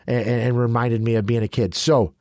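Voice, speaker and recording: A man's voice: mid-range voice, little pitch movement, moderate pace, darkish tone, no echo, clean studio sound. A man from the American Midwest co-hosting a podcast, telling rambling stories in casual chat, with lots of restarts and asides. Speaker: podcast co-host. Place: lives in Los Angeles.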